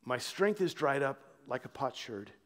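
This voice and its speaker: A man preaching a sermon, swinging from loud proclamation to a hushed near-whisper. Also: mid-range voice, sing-song, moderate pace, in a large hall. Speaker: pastor. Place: church.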